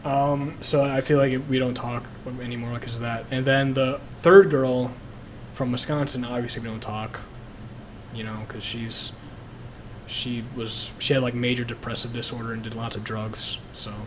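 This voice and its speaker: A man's voice: mid-range voice, little pitch movement, moderate pace, noisy background. A young man streaming, chatting casually and bluntly about his past, swearing a lot and laughing at himself. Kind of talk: casual confessional chat.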